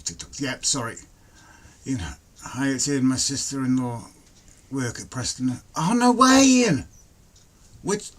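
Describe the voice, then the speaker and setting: A man hosting a relaxed home livestream, chatting casually and greeting viewers by name. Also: mid-range voice, breathy edge. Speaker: livestream host. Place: home, indoors.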